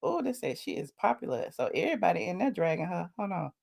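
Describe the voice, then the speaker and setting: A woman's voice: lowish voice, big pitch swings, quick pace, gravelly, darkish tone. A woman hosting a commentary show, reacting bluntly and sassily to a viral video. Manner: blunt, sassy and outspoken.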